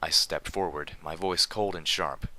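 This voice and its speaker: A man reading a fan fiction story aloud in steady, even narration. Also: extremely low pitch, a little slow. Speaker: reader.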